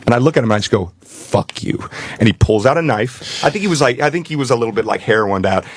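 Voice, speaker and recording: A man in his twenties, a guest on a radio talk show, telling an anecdote lively and casually, acting out the other people in quotes. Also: mid-range voice, very fast. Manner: animated anecdote-teller, voicing others in quotes. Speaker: guest actor.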